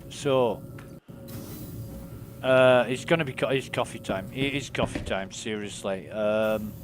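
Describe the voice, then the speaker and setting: Laid-back, slow-talking male game streamer. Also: fairly high pitch, a little hiss or hum. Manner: laid-back, rambling, swears freely. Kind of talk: casual gaming commentary.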